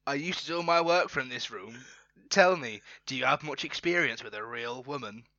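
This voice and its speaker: A man's voice: mid-range voice, animated, normal speed, sharp tone, no echo. A man putting on a sultry, sleazy temptress. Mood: seductive. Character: sleazy seductive woman, late thirties. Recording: slightly dull, dry recording.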